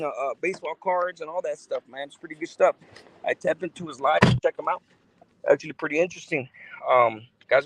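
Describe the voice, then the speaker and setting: A man's voice: on the high side, vocal fry, a bit bright, poor audio. A man, chatting casually on a livestream as he reads and answers viewer comments, laid-back and full of slang and fillers. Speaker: YouTuber reading live chat.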